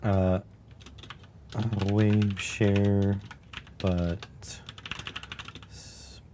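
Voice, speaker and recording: Slow, deep-voiced man musing aloud. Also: flat delivery, noisy background. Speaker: streamer. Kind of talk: casual live-stream chat while typing.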